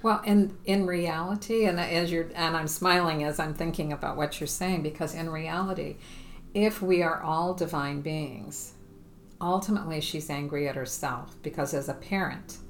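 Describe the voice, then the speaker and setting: Woman, very low voice, reflective, affirming, light background noise. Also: fairly even intonation, normal speed. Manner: affirming, reflective, gives frequent backchannel. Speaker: mental health professional. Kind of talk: casual conversation.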